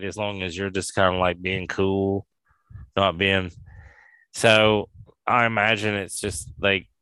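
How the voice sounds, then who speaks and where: A man's voice: deep voice, pushed and bright, clear, resonant tone, no room sound. A man hosting a podcast, chatting casually in a laid-back, rambling way. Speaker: podcast host. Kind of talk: casual chat.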